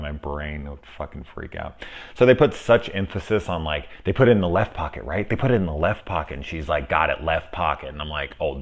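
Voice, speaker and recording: A man casually talking through a spoiler film review, rambling and profane, with animated asides. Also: a bass voice.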